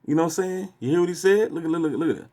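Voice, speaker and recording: A man's voice: fairly high pitch, rapid-fire, warm tone. A man hosting, giving loose, profane, slangy commentary on a clip he is replaying. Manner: loose, slangy, heckling interjections. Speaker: host reacting to a clip.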